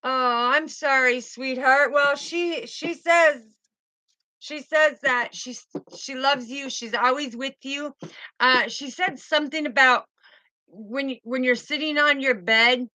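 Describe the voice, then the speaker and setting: A woman reads tarot cards for her viewers in a soothing, affectionate way, calling them sweetheart and baby girl. Her voice sits high and bright. The sound is dry and close, with no room echo. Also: slow pace. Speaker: tarot reader.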